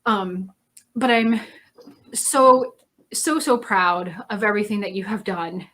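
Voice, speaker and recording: A woman's voice: mid-range voice, slow pace, fairly bright tone. Effusive heartfelt woman hosting a call. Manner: effusive, heartfelt, rambling with many fillers. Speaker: host. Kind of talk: emotional casual interview chat.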